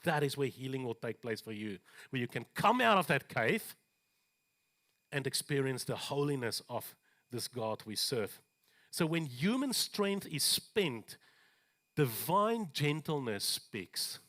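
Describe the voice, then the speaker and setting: A man preaching a sermon in a church, animated, with joking asides and slower scripture readings. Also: medium pitch. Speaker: pastor.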